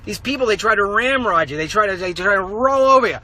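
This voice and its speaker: A man talking in a walk-and-talk vlog monologue, animated and ranting, acting out the voices of people he quotes. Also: high-pitched, quick pace. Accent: New York. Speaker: political commentator and show host. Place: outdoors on a city street.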